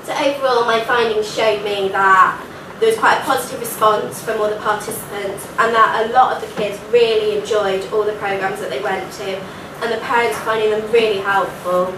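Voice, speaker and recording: A woman's voice: mid-range voice, fairly even intonation, normal speed, noisy background. Young woman presenter, nasal voice, earnest conference talk, miked from a distance in an echoey hall. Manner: earnest, informal fillers like "like" and "so". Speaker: student presenter. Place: university lecture hall. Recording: echoey hall recording from far off.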